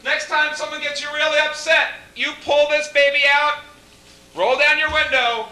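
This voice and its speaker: A man doing a comic stage act with showman patter and deadpan setups. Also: extremely high pitch, normal speed. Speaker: novelty bubble performer. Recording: echoey room mic from far off.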